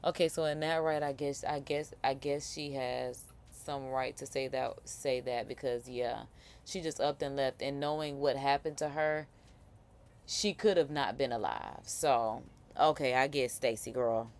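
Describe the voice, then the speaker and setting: Low voiced woman going off on a clip, emphatic reaction stream host. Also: fairly even intonation, unhurried. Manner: emphatic, talks back at the clip. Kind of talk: casual reaction commentary.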